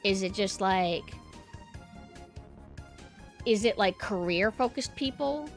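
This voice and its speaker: A woman's voice: mid-range voice, animated, takes it slowly, soft background music. A young woman streamer chatting casually with her viewers and ranting bluntly, swearing freely.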